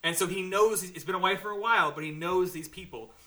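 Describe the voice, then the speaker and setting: Bright-voiced man riffing on a movie. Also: high-pitched, fast. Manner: rambling, restarts often, laughs a lot. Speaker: podcast co-host. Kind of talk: casual movie review chat.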